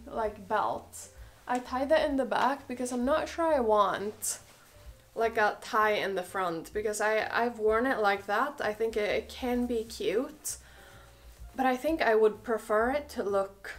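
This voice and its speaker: A young woman with a cold, chatting casually and gushing through a clothing try-on, full of "like" and "oh my god". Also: mid-range voice. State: has a cold, a bit out of breath. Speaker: fashion vlogger.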